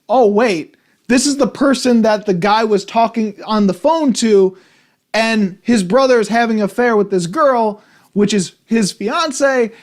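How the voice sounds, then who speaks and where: A man with a high voice talks through a film review in a loose, rambling way. He keeps restarting sentences and sounds exasperated by what he saw. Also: unhurried. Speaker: movie reviewer. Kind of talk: casual spoken film review.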